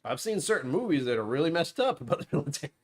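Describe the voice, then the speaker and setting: A man's voice: fairly high pitch, very animated, very fast. A man hosting a casual livestream from home, rambling and sarcastic with self-deprecating asides. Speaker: livestream host. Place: at home, dishwasher running nearby.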